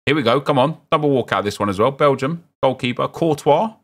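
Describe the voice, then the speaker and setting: A young man streaming a football game, chatting with viewers and reacting loudly to what he opens. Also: medium pitch, brisk. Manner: chatty, reads chat aloud, gets loud and excited at good pulls. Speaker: gaming streamer. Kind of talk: live stream commentary opening game packs.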